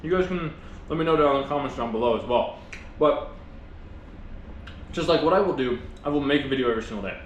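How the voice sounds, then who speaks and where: A man talks quickly through a casual motivational vlog, chewing and speaking with his mouth full. His delivery is earnest and rambling, full of restarts, at an ordinary pitch. The room is echoey, with faint background noise. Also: lively intonation, muffled recording. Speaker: vlogger.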